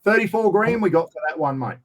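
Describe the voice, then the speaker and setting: This fast-talking Australian man has a high, expressive voice. He's a casual interview guest who rambles through long stories, dropping "mate" into nearly every line.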